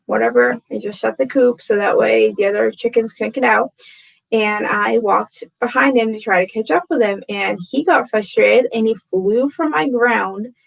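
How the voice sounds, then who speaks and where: A woman's voice: fairly high pitch, moderate pace, vocal fry, poor audio. A woman in her thirties chatting casually to camera from home, rambling and self-deprecating, tired and frazzled, laughing often. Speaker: vlogger. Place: home room with torn wallpaper.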